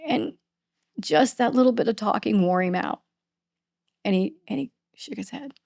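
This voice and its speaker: A middle-aged woman, a podcast host being interviewed, recounting a painful family loss in a halting, emotional way. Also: mid-range voice, gravelly, darkish tone. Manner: halting, restarts and voice breaking with emotion. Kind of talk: emotional personal storytelling in an interview.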